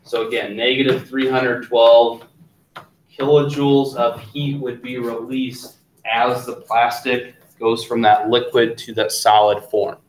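A man teaching a chemistry class in a relaxed lecture style, often stopping to ask if there are questions. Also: mid-range voice, unhurried, far from the mic, a little hiss or hum. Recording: roomy classroom, voice from off-mic.

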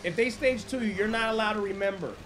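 A man's voice: high-pitched, fast talker, over music. A man streaming a roleplay game, chatting casually, swearing freely and explaining rules to other players. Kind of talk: casual livestream chat.

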